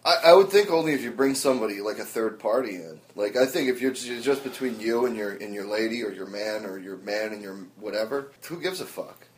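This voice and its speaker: A man's voice: on the low side, expressive, fairly quick, hardly any pauses, a little hiss or hum, low-quality recording. A man in casual podcast banter, playful, teasing and profane.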